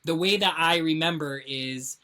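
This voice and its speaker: A woman co-hosting a podcast, telling a story in casual chat, animated and heavy on swearing and filler words. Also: low-pitched, normal speed. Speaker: podcast co-host.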